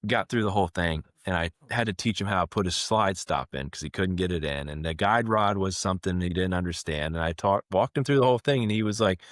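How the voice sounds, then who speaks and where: Deep-voiced animated man storyteller. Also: fast talker, hardly any pauses, dry recording, clean studio sound. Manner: animated storyteller, acts out both sides of conversations. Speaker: company president, guest. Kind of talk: casual storytelling interview.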